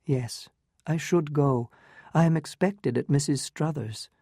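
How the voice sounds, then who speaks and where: A woman's voice: sits low, a little slow, mellow, husky, no room sound, clean studio sound. A narrator voicing a proud, wounded young woman in love, pleading and emotional in a storybook reading.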